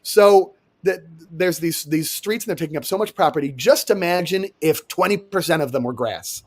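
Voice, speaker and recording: Young male co-host, raised-pitch voice, sarcastic and animated, cursing casually in loose banter. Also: moderate pace. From New York. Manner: animated, sarcastic, swears freely. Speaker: podcast co-host. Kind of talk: casual comedic chat.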